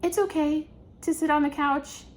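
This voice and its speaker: A woman's voice: sits high, steady tone, moderate pace, a little hiss or hum. A young woman giving a casual tarot reading, chatty and reassuring, laughing often. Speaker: tarot reader.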